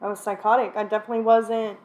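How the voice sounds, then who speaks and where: In a quick-paced, ordinary middle-pitched voice, a woman who is a mother opens up to her sister about addiction and how she recovered. The sit-down conversation is easygoing and frank, punctuated by occasional laughter and frequent throat-clearing.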